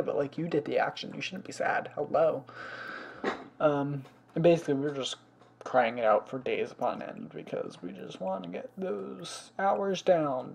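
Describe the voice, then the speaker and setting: A man's voice: a little high, warm tone. A young man hosting a life-sim let's play in casual commentary, chatty and fussy, exclaiming often and scolding the game's pets.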